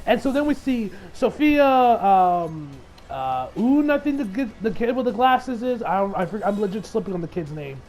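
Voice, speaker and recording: A man's voice: high voice, very animated, normal speed, darkish tone, rough recording. A man recapping an anime episode as a reviewer, in a loose, rambling way that swears freely and acts out the lines of the characters.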